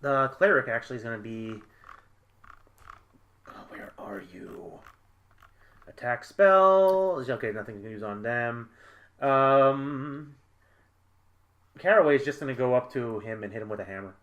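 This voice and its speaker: A man playing a tabletop game, hesitant and halting as he looks up rules and spells. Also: medium pitch, dull audio. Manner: hesitant, many fillers and restarts while looking up rules. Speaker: player.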